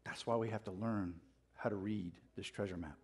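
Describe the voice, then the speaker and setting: A man's voice: fairly low pitch, steady tone, normal speed, a little mellow, slightly rough. A man preaching a passionate sermon in a church, getting fired up and calling out questions to the congregation. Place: church sanctuary.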